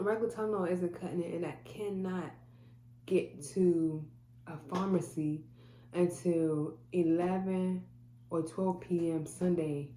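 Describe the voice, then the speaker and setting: A woman with a fairly low, mellow voice tells a personal story in earnest, voicing the people in it as she goes. She is recorded in an echoey room with a faint hum behind her. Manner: earnest, quotes people in dialogue. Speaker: vlogger telling a personal story. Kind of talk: emotional storytelling to camera.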